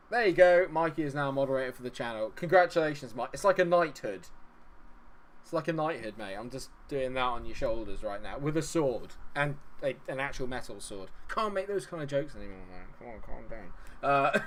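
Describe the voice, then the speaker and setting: A young man streams a game and keeps up a running, jokey chat with his viewers. His voice sits at an average pitch, and he laughs easily between remarks. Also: lively intonation, normal speed. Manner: chatty, jokey, laughs often, talks to chat.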